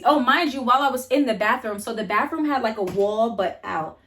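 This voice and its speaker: A woman's voice: a little high, animated, moderate pace, a bit bright. A young adult woman vlogger telling a casual storytime, blunt and profane, chatty with lots of fillers.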